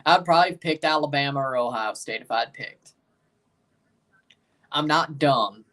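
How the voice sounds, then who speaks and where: A man's voice: mid-range voice, moderate pace, sharp tone. A man with a Southern US accent, chatting casually as a livestream host and answering viewers' comments. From Mississippi, US. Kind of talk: casual livestream watchalong chat.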